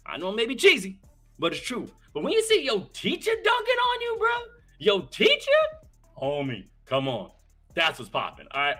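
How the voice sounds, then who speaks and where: A man hosting a live-streamed talk show, hyped and slangy, full of shout-outs, with faint music behind him. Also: mid-range voice. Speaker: host.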